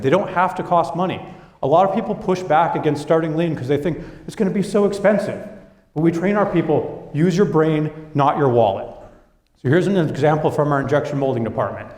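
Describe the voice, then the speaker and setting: A young adult man giving a business presentation to an audience, telling stories with energy and acting out what coworkers said. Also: fairly high pitch. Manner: lively storytelling, acting out quoted coworkers. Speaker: business speaker. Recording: echoey hall.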